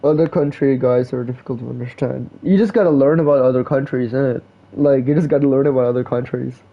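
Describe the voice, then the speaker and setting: A man's voice: medium pitch, fairly even intonation, quick pace, dull audio. A man streaming live, chatting casually in a slangy, laid-back way, full of "bro" and "like". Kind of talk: casual rambling stream chat.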